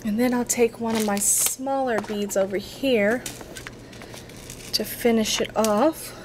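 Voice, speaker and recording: A woman's voice: on the high side, steady tone, slow pace, noisy background. A woman giving a casual crafting tutorial, chatty and a little apologetic, talking to herself as she works at her craft table.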